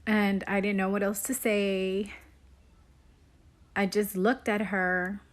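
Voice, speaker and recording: A woman's voice: mid-range voice, level tone, slow pace. A mother telling a story to camera about her young daughter in an earnest, hesitant way, with frequent ums.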